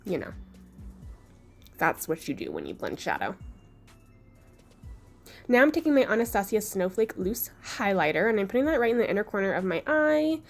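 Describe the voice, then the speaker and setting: A young woman's voice, hoarse and a bit rough from being sick, talks through a makeup tutorial. She keeps it chatty, relaxed and self-deprecating, with soft music playing faintly behind her. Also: mid-range voice, normal speed, pauses often. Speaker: beauty vlogger.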